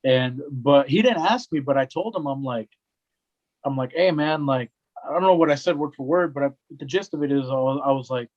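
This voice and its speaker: Over lo-fi audio, a young man's mid-range voice moves a little quickly as he, a wrestling commentator, recounts a tale on a relaxed podcast. He acts out each quoted voice with gusto, leaning heavily on "right?" and "man."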